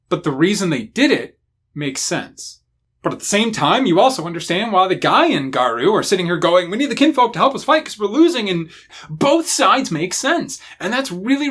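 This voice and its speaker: Animated high-voiced man. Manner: animated, profane, acts out quotes. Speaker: podcast co-host. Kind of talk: casual chat about running tabletop games.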